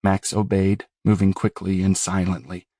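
A man narrating a horror novel as an audiobook, in a measured, grave and steady delivery. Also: low voice, no echo, clean studio sound.

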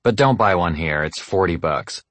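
A man doing a gruff old bike mechanic. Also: low-pitched, lively intonation, moderate pace, no echo. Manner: blunt, practical advice.

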